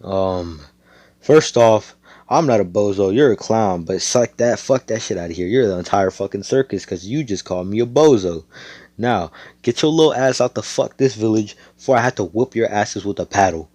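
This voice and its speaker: A man's voice: lowish voice, normal speed, a little mellow, no echo, natural voice. A man voicing a brash young male swordsman hero who trash-talks with swaggering profanity. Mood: cocky.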